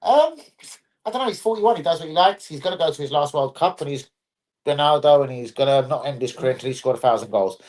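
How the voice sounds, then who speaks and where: A man's voice: fairly high pitch, quick pace, a little mellow. Guy ranting about football on a live stream, sweary and rambly. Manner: blunt, swears a lot, rambling. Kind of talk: casual football chat.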